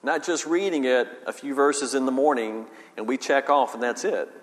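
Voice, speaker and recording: A man preaching a sermon as a pastor, reading scripture slowly with emphasis and then explaining it in plain talk. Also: mid-range voice. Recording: long hall reverb.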